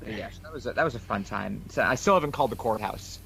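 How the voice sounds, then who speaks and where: A man's voice: on the low side, animated, fast, gravelly, a bit bright. A man co-hosting a podcast, casually retelling a story full of quoted dialogue. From New York. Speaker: podcast co-host.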